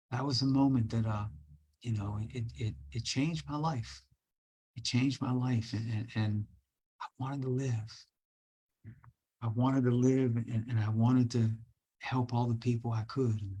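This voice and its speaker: A man's voice: mid-range voice, breathy edge. A man telling his personal recovery story in an interview, emotional, often repeating himself and restarting phrases.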